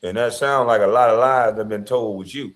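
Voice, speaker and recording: A man's voice: medium pitch, fairly quick. A male commentator with an ordinary mid-range voice delivers blunt, preachy judgments in a casual commentary style.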